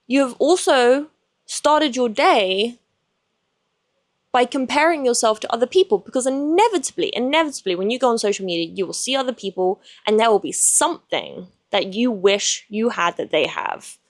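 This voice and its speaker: A woman's voice: on the high side, expressive, moderate pace, no room sound, studio quality. Frank, casual woman podcast host. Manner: frank and casual, swears freely, many likes and restarts. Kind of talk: candid personal podcast monologue.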